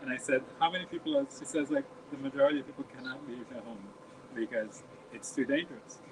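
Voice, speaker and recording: A man co-hosting a podcast, telling a rambling story in casual chat in a soft-spoken way. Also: mid-range voice, quick pace. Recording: noisy home recording.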